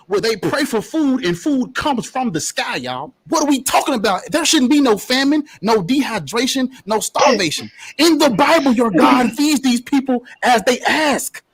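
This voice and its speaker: Young guy going off in a street debate, husky, high and swingy voice, cussing, preachy. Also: lively intonation, moderate pace. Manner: fiery, profane, preachy. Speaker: debate participant.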